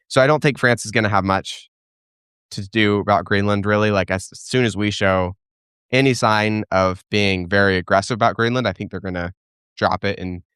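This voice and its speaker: Answering questions from his viewers on a laid-back live stream, a young man speaks in a lowish, smooth voice with a fairly bright tone. His opinions come out in bursts, with restarts and fillers as he works through his ideas. The recording is dry and close to the mic.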